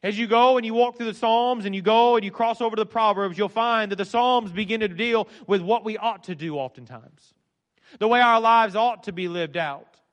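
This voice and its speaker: A man preaching a sermon, reading scripture in old formal wording and dropping to a hush on key words. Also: sits high, moderate pace. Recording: long reverb in a church hall.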